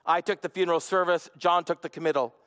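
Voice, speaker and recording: A man preaching a sermon as a pastor, earnest, moving between hushed and emphatic delivery. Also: high voice, fairly even intonation, fast talker. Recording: long reverb of a large hall.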